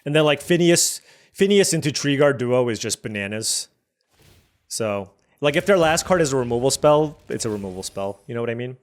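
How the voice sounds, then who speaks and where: A man's voice: mid-range voice, expressive, a little fast. A man streaming a digital card game, chatty and musing aloud over each play as he weighs his options. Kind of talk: thinking aloud while playing.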